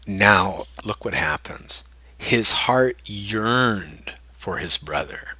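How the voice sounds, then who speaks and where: A man reading scripture aloud and breaking in with casual, animated asides to explain it. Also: fairly low pitch, takes it slowly, no room sound. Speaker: Bible study teacher.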